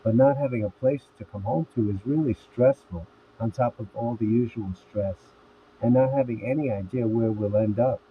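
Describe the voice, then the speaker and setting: A man's voice: medium pitch, normal speed, natural voice. A man reading a worried teenage girl. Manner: reads each line in a plain, even voice. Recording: tinny phone-like audio with faint hiss.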